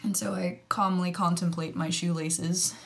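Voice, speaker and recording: A woman's voice: on the low side, flat delivery, moderate pace, creaky. An American woman telling a story in a chatty, casual way, full of fillers and with whispered asides. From United States. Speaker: vlogger.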